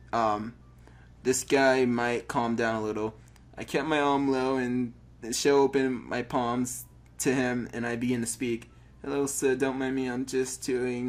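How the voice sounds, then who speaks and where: A man reading a text adventure game aloud, stumbling over words and adding joking asides. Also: medium pitch.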